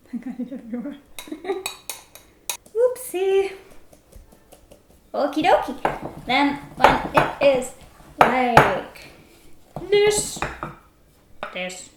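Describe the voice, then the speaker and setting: Talking as she bakes, this vlogger has a high, very animated voice, drawing out her words and leaving long pauses between them. Her home kitchen is echoey, with heavy background noise and dishes clattering as she giggles through the casual tutorial.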